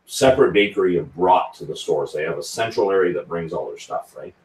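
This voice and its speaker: A whisky channel host with a low-pitched, darkish voice hosts a casual live chat about whisky, speaking briskly and chattily as he reads out viewer comments. The mic is distant, giving a roomy sound set back from him.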